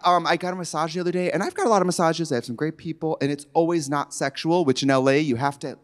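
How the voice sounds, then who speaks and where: A man's voice: on the high side, fast talker. A man co-hosting a live stage comedy show, rambling through a bawdy story. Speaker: comedy podcast co-host.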